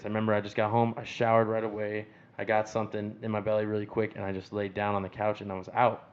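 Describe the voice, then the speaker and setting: A man co-hosting a firefighter podcast, telling an animated story in casual chat. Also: fairly low pitch. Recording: slightly dull sound with faint noise.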